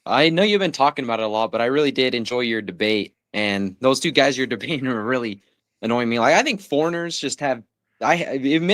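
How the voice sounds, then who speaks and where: A man's voice: medium pitch, a bit bright, no room sound, clean studio sound. A man calling in to a talk stream, speaking bluntly and with some heat. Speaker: caller. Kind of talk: casual phone-in chat.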